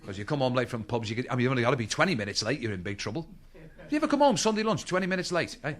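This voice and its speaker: On stage in front of a live crowd, a middle-aged man from Liverpool, with the accent to match, rattles off a stand-up routine in rapid-fire fashion. His mid-range voice swings widely in pitch as he teases and chats through his jokes.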